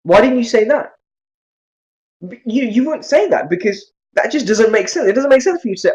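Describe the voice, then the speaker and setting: A man teaching an Arabic grammar class, lecturing in a lively way and often checking in with his students. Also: very high voice, moderate pace, rough recording. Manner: lively, asks many questions.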